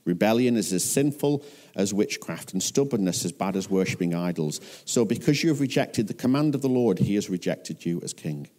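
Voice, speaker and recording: A man with an English accent preaching a sermon, telling the scripture story in lively voices. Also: lowish voice, fairly quick. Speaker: pastor.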